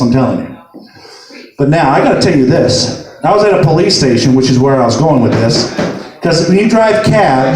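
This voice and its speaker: A man doing stand-up, telling profane true-life stories in an animated way and rising to shouted punchlines. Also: medium pitch, slight background noise. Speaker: stand-up comedian. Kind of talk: stand-up storytelling. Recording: echoey room, mic from far off.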